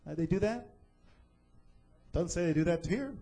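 A man's voice: sits high, expressive, normal speed, warm tone, rough recording. A man preaching a sermon, retelling a scripture story dramatically and asking the listeners questions.

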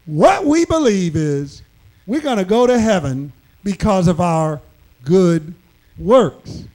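A man preaching a sermon, emphatic and dramatic, shouting key lines. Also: high-pitched, sing-song, takes it slowly, rough recording.

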